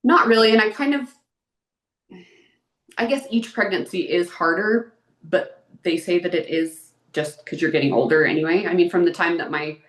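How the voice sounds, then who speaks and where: A woman's voice: on the low side, normal speed, echoey room. A woman in her thirties, a guest in an interview, talking openly and emotionally in a chatty way. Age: 30s. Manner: open and emotional, chatty with many "like"s. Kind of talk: candid personal interview.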